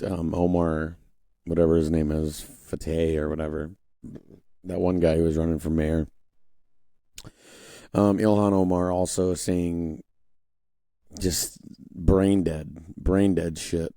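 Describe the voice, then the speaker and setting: A young man with a low, deeply mellow voice hosts a casual political monologue. He rambles, restarts his sentences and slips into mocking voices to quote people. The sound is close and dry, with no room around it. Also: steady tone, measured pace, long pauses, no echo. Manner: conversational, rambling with frequent restarts and fillers; mocking put-on voices when quoting others. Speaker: podcast host.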